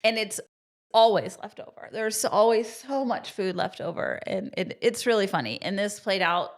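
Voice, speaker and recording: A woman's voice: mid-range voice, animated, moderate pace. A woman co-hosting a podcast, chatting casually and reflectively, often trailing off mid-sentence. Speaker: podcast co-host. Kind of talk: casual chat.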